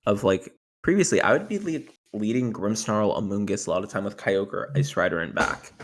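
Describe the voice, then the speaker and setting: A young man talking casually in an interview about his tournament run, rambling with lots of fillers and getting animated when retelling moments of panic. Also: fairly low pitch, moderate pace. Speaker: tournament winner guest.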